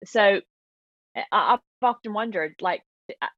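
A woman's voice: medium pitch, a little slow, no room sound. A woman from the Southern United States with a Southern American accent touched by Yorkshire, chatting casually as a guest and acting out what people say to her. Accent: Southern American with some Yorkshire. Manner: chatty, quotes people in put-on voices. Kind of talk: casual video-call chat. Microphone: video call. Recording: dull, dry video-call audio.

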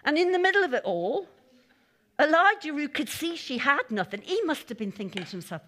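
Speaking fairly quickly in a high voice, a woman delivers a chatty sermon to a church gathering. She laughs through her asides and acts out quotations with lively energy.

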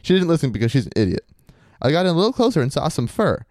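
A man's voice: fairly high pitch, sing-song, rapid-fire, darkish tone, no room sound, studio quality. A man hosting a podcast, reading a listener's story aloud in a swaggering, crude bro persona. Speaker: podcast host.

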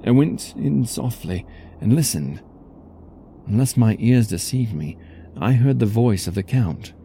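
Dark-voiced male audiobook narrator. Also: medium pitch, expressive, slight background noise. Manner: measured, storytelling delivery. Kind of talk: dramatic first-person audiobook narration. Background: faint music.

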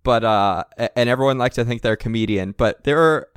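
A man's voice: medium pitch, fairly quick, smooth, dry recording, studio quality. A man co-hosting a podcast, chatting casually and wryly reading out listener messages. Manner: wry, joking, reads listener messages aloud. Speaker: podcast co-host.

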